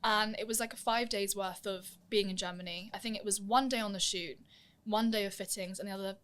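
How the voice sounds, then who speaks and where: A woman's voice: medium pitch, fairly even intonation, a little fast, a bit bright, smooth. A young woman telling stories in a casual interview, acting out the voices of people she quotes. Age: young adult. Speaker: guest, musical theatre performer.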